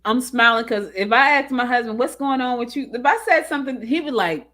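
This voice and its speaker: Animated laughing woman talk show host. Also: on the high side, fairly quick, hardly any pauses. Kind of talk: casual chat.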